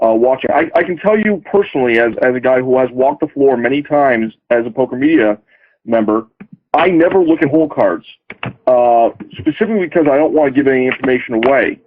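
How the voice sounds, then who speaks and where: A man's voice: medium pitch, animated, a little fast. Male talk-show host on a tinny line. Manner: quizzes guests with pointed questions. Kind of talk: poker radio talk show.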